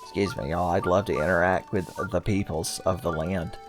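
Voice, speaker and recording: Low-voiced, wisecracking man in his thirties. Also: fairly even intonation, moderate pace. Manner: jokey, sarcastic, profane asides. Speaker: let's play host. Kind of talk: casual gameplay commentary. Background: faint game music.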